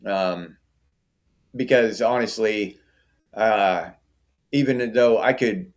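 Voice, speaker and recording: A man's voice: fairly low pitch, slow. A middle-aged man hosting a casual livestream, chatting and answering viewer comments by name. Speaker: livestream host.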